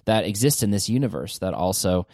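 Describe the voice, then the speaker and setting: A man hosting a casual podcast chat about movies, animated, his pitch jumping up when he gets excited. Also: brisk, dry recording, clean studio sound. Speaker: podcast host.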